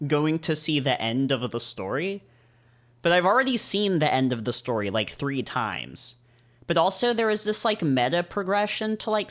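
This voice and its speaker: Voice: medium pitch, a bit bright. A visual novel reader reading aloud and commenting casually, rambling and hesitant with frequent fillers and restarts.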